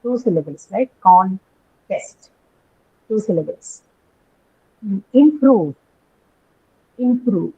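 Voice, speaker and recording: A woman's voice: mid-range voice, lively intonation, takes it slowly, pauses often, slightly rough. A woman teaching an English phonetics class, explaining step by step with many ums and rights. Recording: muffled lo-fi audio.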